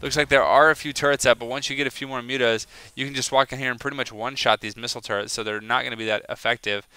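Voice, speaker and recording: A young man giving casual, rambling solo commentary on a video game match, chatty and excitable, with many fillers. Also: medium pitch, rapid-fire, a little hiss or hum.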